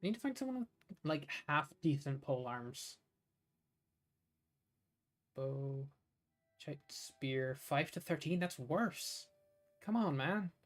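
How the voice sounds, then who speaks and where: A man's voice: a little high, expressive, slow, long pauses, soft background music. A man from Ireland streaming a game, chatting casually and rambling with lots of fillers. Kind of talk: casual gameplay commentary.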